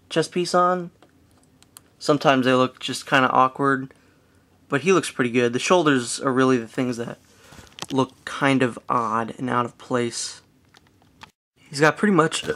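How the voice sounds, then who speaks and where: Casual hedging man reviewing toys. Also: medium pitch. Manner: hedging, relaxed, with frequent fillers. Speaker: toy reviewer.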